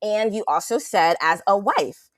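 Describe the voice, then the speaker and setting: A woman's voice: a little slow, no room sound, clean studio sound. A woman co-hosting a casual reality TV recap, talking animatedly and acting out quotes of the cast. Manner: animated, acts out quotes in a high voice. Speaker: co-host.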